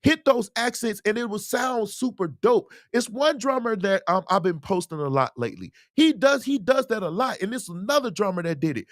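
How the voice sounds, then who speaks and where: Male host, casual livestream Q&A, emphatic and lively, high voice. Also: moderate pace, hardly any pauses, dry recording, clean studio sound. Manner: animated, emphatic, preachy asides. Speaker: host, musician.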